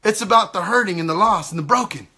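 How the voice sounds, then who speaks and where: A man's voice: high-pitched, fast talker, pushed and bright, slightly rough. A man giving an impassioned sermon, emphatic and repetitive, acting out the other side of quoted exchanges. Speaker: preacher.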